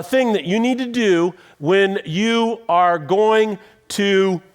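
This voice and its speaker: A man's voice: high voice, fairly bright tone, smooth. A male pastor preaching a sermon in a church, telling stories conversationally and acting out quoted voices, with dry, self-deprecating humor. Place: church auditorium.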